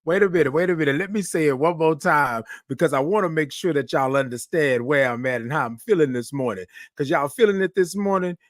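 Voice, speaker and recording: A man's voice: a little high, fairly quick, hardly any pauses, no echo, clean studio sound. A man hosting a casual live stream, upbeat and effusive, greeting viewers by name and reading their comments aloud. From Houston, Texas. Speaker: livestream show host.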